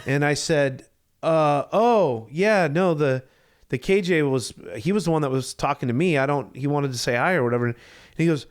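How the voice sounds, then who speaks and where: A man's voice: fairly high pitch, normal speed. Man in his thirties telling a story. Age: 30s. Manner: animated storyteller, acts out quoted voices. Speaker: podcast co-host. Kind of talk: casual storytelling chat.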